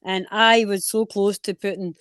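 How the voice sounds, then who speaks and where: A Scottish woman chatting on a live stream, telling stories fast and swearing freely. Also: mid-range voice, dry recording, studio quality. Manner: fast, sweary, animated storytelling. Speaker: regular on a live stream panel. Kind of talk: casual live-stream chat.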